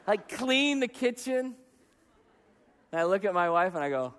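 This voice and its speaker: A man in his thirties delivers a sermon, his voice sitting notably high. He tells animated, self-mocking stories, and the church hall around him trails off in a long reverb. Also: normal speed, long pauses. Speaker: pastor.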